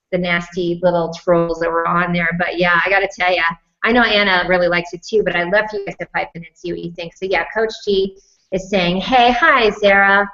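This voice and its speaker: A woman's voice: on the low side, pushed and bright. A woman hosting a casual live chat, bubbly and laughing often. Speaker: livestream host. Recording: dull lo-fi livestream audio.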